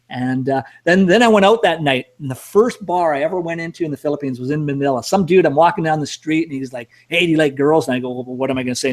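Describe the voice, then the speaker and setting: Fast-talking middle-aged male storyteller, casual and rambling, cursing now and then. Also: a little high. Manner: rambling, self-mocking, cursing. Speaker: storyteller host.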